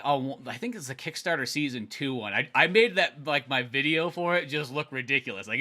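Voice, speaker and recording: Male comic-creator guest, lively storyteller who voices other people, bright and a bit high-pitched. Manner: animated, acts out other people's lines. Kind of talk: casual chat.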